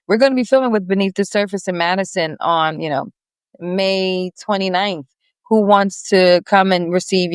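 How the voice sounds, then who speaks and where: A woman's voice: on the low side, dry recording. A woman guest on a business podcast, chatting in a rambling, friendly way with many restarts. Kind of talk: casual interview chat.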